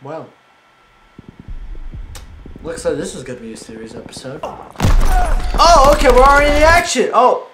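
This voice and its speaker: A young man commentating a war video game, excitable and loud, yelling and repeating himself. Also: high voice, a little slow, pauses often, reverberant, background noise. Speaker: gaming YouTuber. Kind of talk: excited let's-play commentary.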